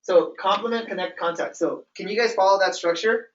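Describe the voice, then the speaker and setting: A man's voice: high-pitched, brisk, a little hiss or hum. Man coaching a group in an echoey room. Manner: repetitive, emphatic coaching with frequent "okay?" check-ins. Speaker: business trainer. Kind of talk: motivational training talk to a group. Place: meeting room with a live audience. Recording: roomy, distant, dull sound.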